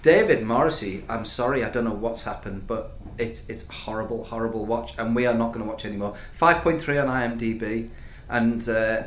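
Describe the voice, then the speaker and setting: A man's voice: medium pitch, a little fast, few pauses. Male host, rambling casual talker, roomy echo, faint hiss behind. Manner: rambling, chatty, full of restarts and asides. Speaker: podcast host reviewing TV shows. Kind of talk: casual chat. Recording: echoey room with faint background noise.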